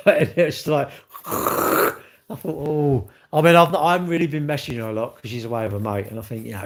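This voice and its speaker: A middle-aged man, chatting casually with viewers as a livestream host, rambling cheekily and acting out little exchanges in different voices. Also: mid-range voice. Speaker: livestream host reading chat.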